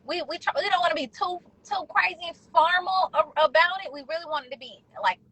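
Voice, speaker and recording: A woman co-hosting a podcast live stream, talking casually in an animated, slangy, persuasive way. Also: extremely high pitch, brisk, no echo, poor audio. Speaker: podcast co-host.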